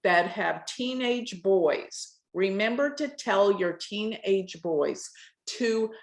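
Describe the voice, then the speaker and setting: A woman's voice: medium pitch, lively intonation, takes it slowly. Carefully enunciating middle-aged woman, echoey room. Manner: clearly enunciated, carefully stressed words. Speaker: astrology teacher. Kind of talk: lecturing a live astrology class.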